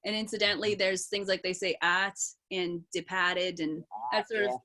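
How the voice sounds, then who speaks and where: A woman actor and accent coach talking in a panel video chat, animated and explanatory. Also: mid-range voice, brisk, noisy background. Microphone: video call.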